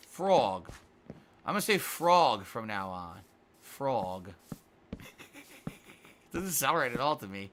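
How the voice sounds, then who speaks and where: Rambling, animated male streamer. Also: medium pitch, takes it slowly, long pauses, a little hiss or hum. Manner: rambling, musing aloud, frequent swearing. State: yawny, sleepy. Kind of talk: casual livestream chat while gaming.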